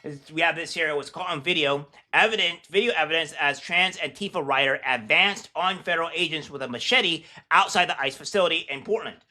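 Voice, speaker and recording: A man with a bright, fairly high voice talks through news clips in casual commentary. He mocks and scorns as he goes, stopping often for fillers and restarts. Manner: scornful, mocking, halting with fillers. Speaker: commentary host.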